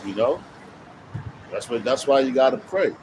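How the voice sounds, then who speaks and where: A man's voice: medium pitch, lively intonation, moderate pace. Slangy man preaching on a noisy street. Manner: slangy, swearing, loose and conversational. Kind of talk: street preaching with casual commentary. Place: outdoors on a city street. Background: traffic noise.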